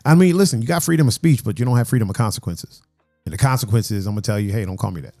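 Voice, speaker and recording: A man's voice: on the low side, racing, mellow, soft background music. A man hosting a casual birthday podcast with friends, rambling and laughing often. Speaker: podcast host.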